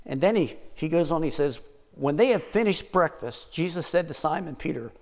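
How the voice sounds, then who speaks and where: A man's voice: on the high side, animated, normal speed. Casual-talking male pastor in a reverberant hall. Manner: conversational, retelling scripture with many fillers. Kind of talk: sermon.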